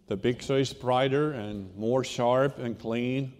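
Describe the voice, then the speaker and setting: A man's voice: medium pitch, darkish tone. Guy preaching, stops and restarts a lot, churchy echo. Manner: unhurried, halting delivery with repeated restarts. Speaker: pastor. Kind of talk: sermon. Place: church sanctuary. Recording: reverberant church hall.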